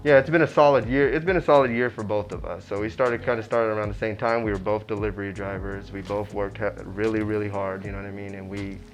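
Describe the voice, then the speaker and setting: A man's voice: on the low side, fairly even intonation, quick pace, few pauses, soft background music. A man in his twenties chatting easygoing in a casual interview, sprinkling in filler phrases. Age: 20s. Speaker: delivery manager at a cannabis dispensary.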